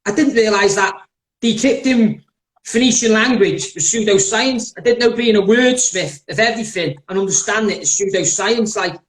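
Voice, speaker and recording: A man's voice: high voice, normal speed. A man hosting a live podcast, blunt, sweary and rambling. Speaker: podcast host. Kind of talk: heated live-stream chat. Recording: roomy echoey live stream.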